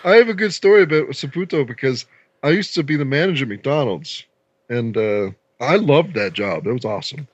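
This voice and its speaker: A man's voice: medium pitch, a little fast, husky, no echo. Casual canadian guy rambling through a story, keeps doing little voices for people, pretty dry sound, a bit dull and lo-fi like remote audio. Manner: rambling and animated, acts out voices in his stories. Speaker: podcast guest.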